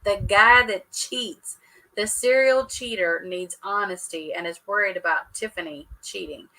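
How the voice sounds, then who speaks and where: A woman's voice: mid-range voice, measured pace, pushed and bright, poor audio. A woman hosting a casual live chat, sassy and joking, laughing often as she talks to her viewers. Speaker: livestream host recapping a reality show.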